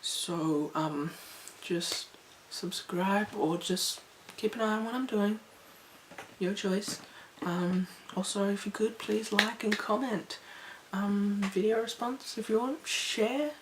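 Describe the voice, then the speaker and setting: A woman's voice: medium pitch, takes it slowly. Chatty young woman in an echoey room. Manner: chatty, rambling, animated. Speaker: vlogger. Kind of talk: casual talk to camera. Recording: echoey room, faint background noise.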